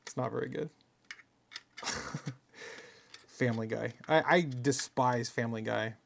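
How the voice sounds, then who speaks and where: A man's voice: mid-range voice, unhurried, gravelly, a little hiss or hum. A man casually chatting on a live stream while taking apart hardware, rambling and self-mocking and muttering as he works. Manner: murmurs to himself while working.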